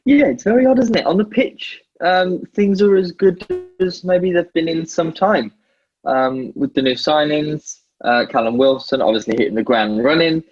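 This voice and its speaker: A man co-hosting a casual sports podcast, easygoing and wry, pausing often with fillers. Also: fairly high pitch, no room sound, highs cut off, faint music behind. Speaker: podcast co-host.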